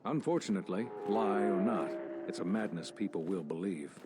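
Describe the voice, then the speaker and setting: An actor playing a calm, scheming royal advisor in a video game, speaking in a measured, formal way. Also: male voice, deep voice, natural voice. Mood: grave. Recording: game audio with background noise.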